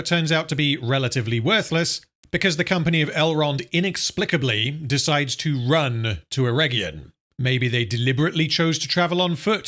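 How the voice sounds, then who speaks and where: A man's voice: mid-range voice, a bit bright. A man reading a scripted, sardonic review, scathing and openly profane in his criticism. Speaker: film reviewer.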